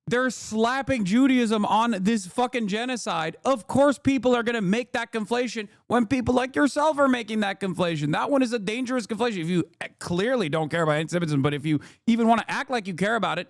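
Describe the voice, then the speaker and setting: A man's voice: high voice, vocal fry, no echo, clean studio sound. A man reacting to a clip on a live stream, ranting, swearing and laughing in mockery. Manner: animated, swearing, laughing, mocking.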